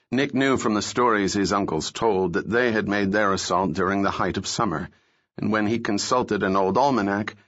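A man reading a novel aloud as an audiobook, telling the story in a steady, measured way. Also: lowish voice. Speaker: narrator. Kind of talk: scripted audiobook narration. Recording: dull lo-fi recording.

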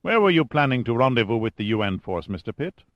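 A man's voice: medium pitch, very animated, fast, fairly bright tone, dry recording, highs cut off. A man voicing a menacing, sarcastic male general who interrogates a prisoner, in a sneering, commanding manner.

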